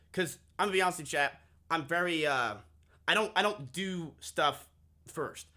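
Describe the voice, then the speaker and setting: Bright-voiced male streamer telling a story. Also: fairly high pitch, moderate pace. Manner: animated, swearing, acting out the dialogue. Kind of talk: casual storytelling to a live chat.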